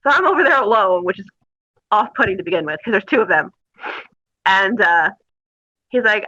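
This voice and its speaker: A woman's voice: medium pitch, moderate pace, pauses often, dull audio. A woman guest telling crude, funny stories in a casual interview, laughing as she goes. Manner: animated, laughing, crude humor.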